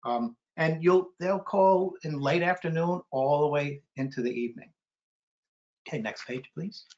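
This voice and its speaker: The highs are cut off as a middle-aged man reads a children's story at a measured pace. His animated reading is punctuated by playful bird mimicry and sudden, high hooting sounds.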